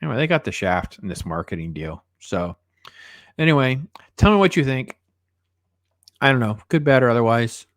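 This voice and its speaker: A man's voice: mid-range voice, expressive, normal speed, pauses often, no echo. Sarcastic male film reviewer, dry sound. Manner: sarcastic, exasperated, mocking quoted voices. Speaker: movie reviewer. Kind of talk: casual spoken film review.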